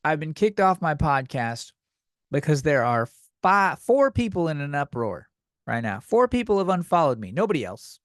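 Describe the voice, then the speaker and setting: Profane, lively ranting man. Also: on the high side, moderate pace, dry recording, studio quality. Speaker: podcast host. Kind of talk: comedic podcast rant.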